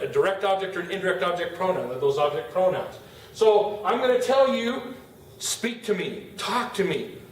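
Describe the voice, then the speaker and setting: A man teaching a grammar lesson to his class, patiently drawing out example words slowly and repeating them. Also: a little high. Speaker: Spanish teacher. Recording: very echoey room, distant mic, faint hiss.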